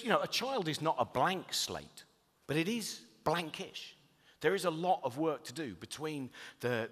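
Animated male comic on stage, lively pitch, echoing lecture hall. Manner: animated, acts out voices, rising to loud laughing bursts. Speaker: comedian giving a talk. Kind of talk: comic storytelling talk. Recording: long reverb of a lecture hall.

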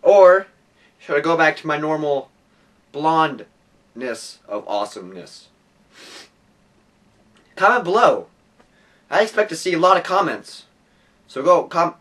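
A man's voice: on the high side, expressive, moderate pace, pauses often, pushed and bright, far from the mic. A young man hosting a goofy comedic vlog, hammy and full of silly put-on voices. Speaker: vlog host.

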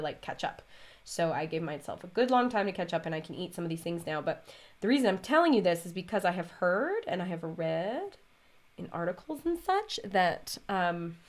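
Woman, lowish voice, chatty vlog host, casual rambling talk while stitching.

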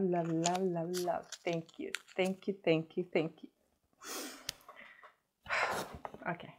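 A woman with a low voice unboxes a beauty gift box in a relaxed, unhurried chat. She gushes over each item and repeats her words when excited. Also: a little hiss or hum. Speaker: beauty vlogger.

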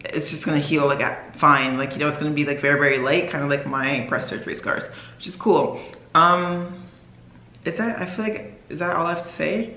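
This vlogger's low voice comes across brisk, pushed and bright as she talks to camera in a room with echo. The young woman's chat is relaxed and meandering, packed with fillers and self-corrections.

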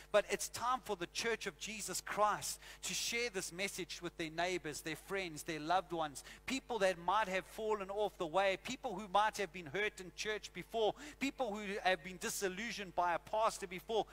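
A South African man preaching a sermon in church, telling stories and acting out scenes. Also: high voice. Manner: animated storytelling, acts out scenes. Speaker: pastor.

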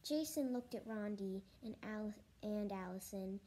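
A woman's voice: medium pitch, measured pace, hardly any pauses, mellow, low-quality recording. A woman reading a children's story aloud, with slips and restarts.

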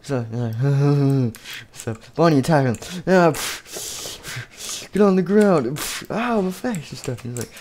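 A narrator improvising a role-play over gameplay, rambling with lots of fillers, puffing mouth sound effects and humming tunes, jumping from high shouted lines to low mumbled asides. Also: lively intonation, a little slow, a little hiss or hum. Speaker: gameplay narrator voicing animatronic characters.

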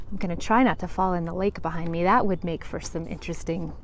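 A woman leading a guided meditation outdoors beside a lake, speaking softly and sometimes dropping to a whisper. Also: fairly low pitch, fairly even intonation. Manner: soft and unhurried, drifting into a whisper.

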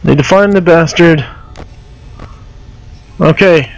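Young male horror-game streamer, high voice, slow drawn-out delivery, jumpy and swearing, headset mic. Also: creaky, low-quality recording. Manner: jumpy, nervous laughter, swearing, panicky yelps. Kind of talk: live gameplay commentary.

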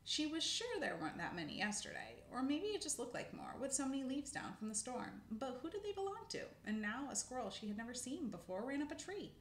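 Woman narrator, children's book, animated, echoey room, faint noise. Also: a little high, a little fast, vocal fry, hardly any pauses. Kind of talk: reading a children's book aloud.

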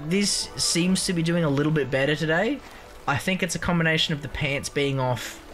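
Man, let's-play host, lively swooping voice, profane and rambling, faint game music behind. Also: fairly high pitch. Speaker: gaming channel host. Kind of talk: casual let's-play commentary.

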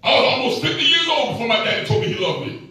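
High-voiced preacher in an echoey hall. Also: male voice, lively intonation, racing, recorded from a distance, faint music behind. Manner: storytelling, folksy and emphatic, with sudden shouts. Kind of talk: sermon. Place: large echoey church hall.

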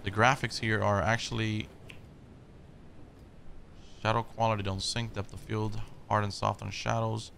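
Gravelly guy playing a horror game, jumpy, swears a lot, bright tense voice. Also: lowish voice, level tone, a little slow, pauses often, slight background noise. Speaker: gaming video host. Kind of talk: casual horror game commentary.

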